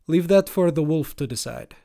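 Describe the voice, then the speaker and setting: A man voicing a wry male merchant guide with a measured, dry way of speaking. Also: fairly high pitch, lively intonation, creaky, mellow.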